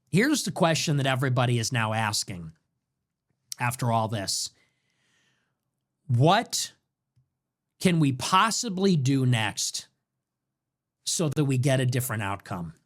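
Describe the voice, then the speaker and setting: Impassioned young man ranting, lively pitch. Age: young adult. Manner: impassioned ranting, rapid rhetorical questions. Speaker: show host. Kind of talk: political commentary monologue.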